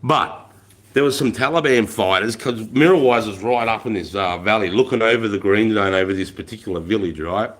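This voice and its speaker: On his livestream, a middle-aged Australian veteran of the army shares war stories in a low-sided, brisk, slightly bright voice. The storytelling is casual, with plenty of swearing and laughter.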